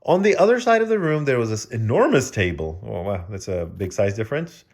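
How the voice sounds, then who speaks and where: A man's voice: on the low side, sing-song, a little fast. A man reading a children's picture book aloud, breaking off for joking asides to the kids listening. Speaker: children's story reader.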